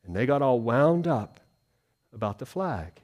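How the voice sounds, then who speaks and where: A middle-aged male pastor preaching a sermon earnestly, moving between loud emphasis and hushed grief and asking the congregation questions. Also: mid-range voice, sing-song, a little slow. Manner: asks the congregation rhetorical questions.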